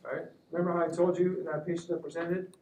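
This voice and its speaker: A man gives a classroom lecture as a surgeon teaching students, keeping it conversational and checking in with "right?" after nearly every point. His voice sits a little high for a man. The recording is roomy and taken from across the room, with a faint hum of ambience behind him. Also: flat delivery, quick pace, a little mellow. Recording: echoey room, recorded from a distance.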